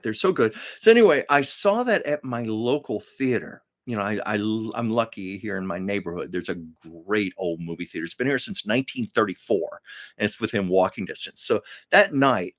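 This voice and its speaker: A fairly low-voiced older man hosting his own live stream. He talks in a loose, chatty way, wandering from story to story with plenty of fillers and restarts. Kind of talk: casual live-stream chat.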